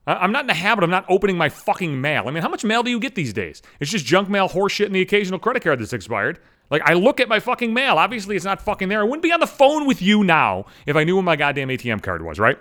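Brief: man in his thirties, podcast host, angry profane monologue, high animated delivery. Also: fast talker. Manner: angry, swearing constantly, mocking impressions.

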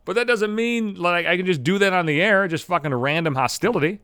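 A man's voice: sits high, fairly quick, bright, forceful tone, smooth, no echo. A man hosting his own podcast, ranting in a casual comedic monologue, profane and self-mocking. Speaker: podcast host.

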